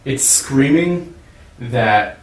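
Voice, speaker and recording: A man's voice: medium pitch, expressive, drawn-out words. Earnest male co-host, roomy sound. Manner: earnest, reflective, repeats words as he thinks. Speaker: podcast co-host. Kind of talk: casual chat. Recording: roomy sound from a distant mic.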